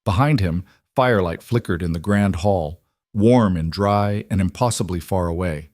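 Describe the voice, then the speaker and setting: A man narrating a story in a measured, scripted audiobook style. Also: low-pitched, darkish tone, no room sound, studio quality.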